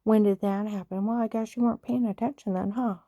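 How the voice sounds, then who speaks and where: A woman's voice: medium pitch, fairly even intonation, fairly quick, warm tone, no echo, lo-fi sound. A woman delivering an angry personal monologue, indignant and emphatic, who says she stutters when upset. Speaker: vlogger.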